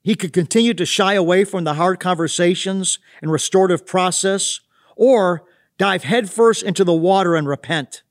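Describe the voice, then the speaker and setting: Brief: high-pitched man reading a devotional with earnest, reflective delivery. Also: normal speed. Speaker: devotional host. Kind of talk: scripted devotional narration.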